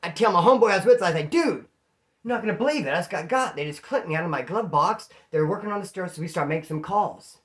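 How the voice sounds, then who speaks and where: Male storyteller, casual and animated, jumps into the voices of people in his stories. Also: high-pitched, fast. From California. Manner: animated, acts out quoted voices. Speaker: storyteller host.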